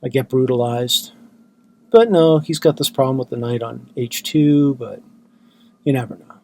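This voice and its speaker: A tired man giving self-mocking, deadpan commentary on his own blitz chess games. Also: mid-range voice, slow pace, a little hiss or hum. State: exhausted. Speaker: chess channel host.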